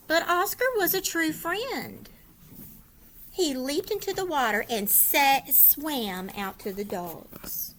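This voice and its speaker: A woman's voice: high voice, expressive, slow, fairly bright tone, slight background noise, rough recording. A woman reading a children's picture book aloud expressively, asking her listeners questions. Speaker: storyteller.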